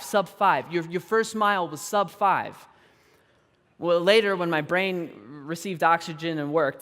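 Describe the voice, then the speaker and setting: A man in his thirties preaching a sermon, telling a personal story in an animated, self-deprecating way and laughing often. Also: fairly high pitch, in a large hall. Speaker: pastor. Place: large church auditorium.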